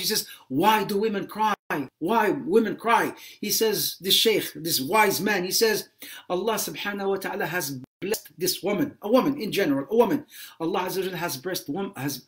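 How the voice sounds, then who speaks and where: A man's voice: sits high, fairly bright tone. A man giving a religious lecture on a livestream, impassioned, repeating phrases for emphasis and mixing in Arabic religious phrases. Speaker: Islamic lecturer.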